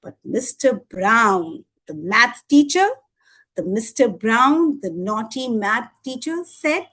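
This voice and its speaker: A woman telling a lively children's story at a storytelling evening, with expressive voices and sound effects. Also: fairly high pitch, slow pace. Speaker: storytelling student. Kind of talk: live storytelling performance for children.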